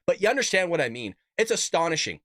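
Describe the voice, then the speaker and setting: A combative man runs his own political commentary show, and his words come out in a quick, heated rush. His voice sits somewhat high for a man. It is recorded close and dry, with no room sound. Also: big pitch swings, a bit bright, dry recording. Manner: combative, emphatic, talks straight to viewers; reads out quotes and tweets.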